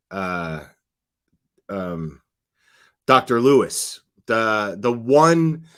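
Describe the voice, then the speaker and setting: A man's voice: fairly low pitch, a bit bright. A man doing casual live-stream commentary, talking bluntly and with scorn, full of fillers and restarts.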